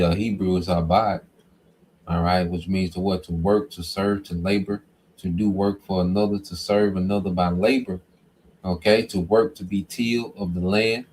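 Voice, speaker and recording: Male bible teacher, low voice, chatty, keeps asking "okay?". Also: a little mellow, a little hiss or hum. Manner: conversational, peppered with "okay?" and "man". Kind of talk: informal scripture teaching.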